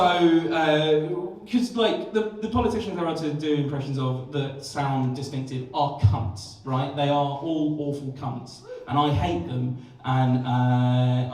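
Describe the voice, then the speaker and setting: A man's voice: medium pitch, darkish tone. A young man performing a live stand-up set, sweary and self-mocking, rambling with many restarts. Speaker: stand-up comedian. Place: comedy club stage. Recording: echoey club room, distant mic, audience noise.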